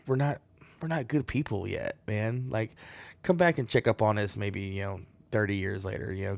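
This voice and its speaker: Podcast host, man, low gravelly voice, profane rambling monologue, dry close sound. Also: dry recording.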